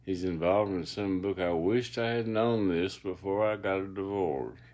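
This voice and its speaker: A man's voice: sits low, normal speed, darkish tone. A man lying in bed, reading his own audiobook as a rambling, reflective spoken-word monologue. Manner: meandering, reflective, philosophical musing. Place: lying in bed in a dark room.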